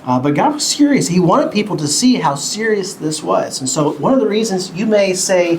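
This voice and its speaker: A man teaching a Bible lesson to children at home, talking slowly and simply, a bit cartoonish, and asking the kids questions. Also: sits high, expressive, poor audio.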